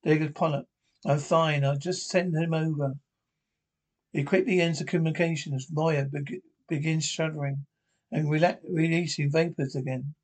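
A man's voice: on the high side, steady tone, normal speed. A man reading an episode script aloud, directions and dialogue alike, with frequent stumbles and restarts. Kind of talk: read-aloud script narration.

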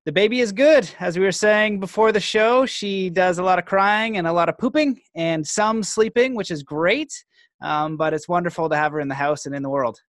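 A man hosting a podcast, calmly reading an ad and guiding listeners into the interview. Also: sits high, normal speed, no room sound, clean studio sound. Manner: calm, guiding a breathing exercise. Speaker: podcast host.

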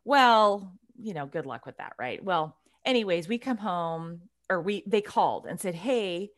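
A woman in her forties telling a family story in casual chat, blunt and animated, swearing freely and restarting her telling. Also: on the low side, moderate pace.

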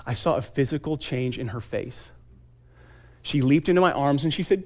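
A man in his thirties giving an earnest motivational talk at a conference, with dramatic pauses and emphatic lists. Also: mid-range voice, animated, a little mellow.

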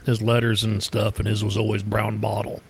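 A man's voice: on the low side, completely flat delivery, normal speed, gravelly, husky. A man co-hosting a casual podcast, throwing in dry wisecracks. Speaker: podcast co-host.

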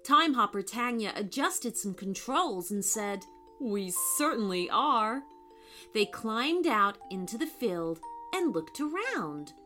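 A woman narrating a children's story in an expressive, unhurried way. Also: on the high side.

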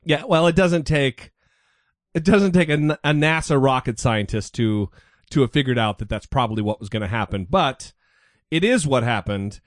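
A man's voice: mid-range voice, normal speed, dry recording, clean studio sound. Sarcastic man hosting a podcast. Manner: sarcastic, mocking, animated. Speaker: podcast co-host. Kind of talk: casual podcast commentary.

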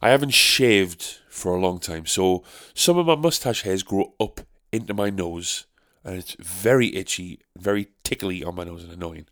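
A man's voice: sits low, moderate pace, hardly any pauses, a bit bright, dry recording, clean studio sound. A young man from North East England, hosting a casual solo podcast, rambling and sarcastic, swearing freely. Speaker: podcast host.

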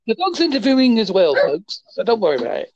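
A man from Essex with a mixed Essex and Devon accent, hosting a casual podcast chat in a teasing, deliberately slow way, speaking close to his phone. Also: sits high, wildly swooping pitch, a little mellow, no room sound. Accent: mixed Essex and Devon English. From Essex, England. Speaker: podcast host. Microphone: phone held close. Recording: dry, dull lo-fi phone audio.

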